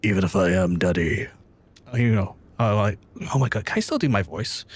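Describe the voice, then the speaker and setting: A man's voice: on the low side, lively intonation, moderate pace, breathy edge. A young man streaming a video game, chatting casually with his viewers in a rambling, profane way. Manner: rambling, profane, talks straight to chat.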